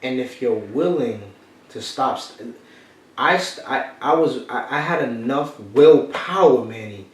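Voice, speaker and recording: A man's voice: mid-range voice, animated, unhurried, recorded from a distance. A man, telling a personal story as a motivational podcast host. He repeats his key phrases like a preacher. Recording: echoey room, off-mic, faint noise.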